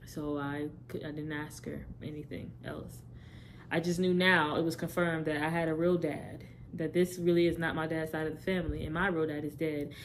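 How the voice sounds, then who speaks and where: A woman's voice: sits low, little pitch movement, normal speed, slight background noise. A young woman candidly telling her personal testimony straight to her viewers, rambling and correcting herself as she goes. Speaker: testimony speaker.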